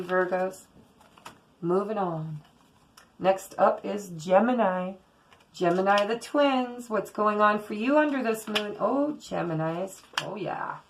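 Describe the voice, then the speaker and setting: A woman's voice: mid-range voice, creaky, slight background noise, rough recording. A woman doing a casual tarot reading, giving blunt and earnest spiritual advice with the odd swear word. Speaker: tarot reader.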